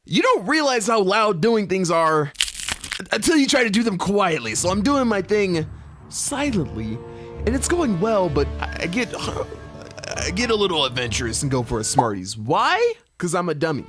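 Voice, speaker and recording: Young man, comedic storytime narration, high bouncy voice, faint music behind. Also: moderate pace. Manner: expressive, playful slang.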